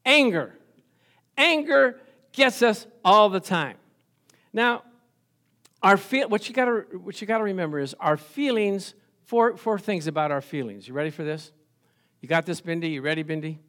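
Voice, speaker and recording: A man's voice: high voice, a bit bright. A middle-aged man preaching a sermon in a church, chatty, acting out quoted voices, chuckling often and calling for amens. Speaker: pastor.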